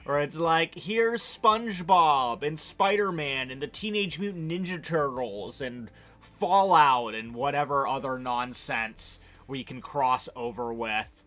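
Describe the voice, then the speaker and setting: Bright-voiced man rambling casually. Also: medium pitch, expressive, a little slow. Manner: rambling with many ums and likes. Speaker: streamer co-host. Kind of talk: casual chat.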